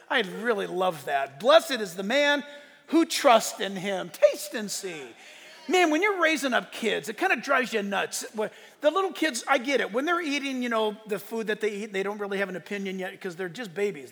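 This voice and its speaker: High-voiced preacher in a reverberant hall. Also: male voice. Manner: emphatic preaching with rhetorical questions, drops to soft asides. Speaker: pastor. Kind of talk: sermon. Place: church sanctuary.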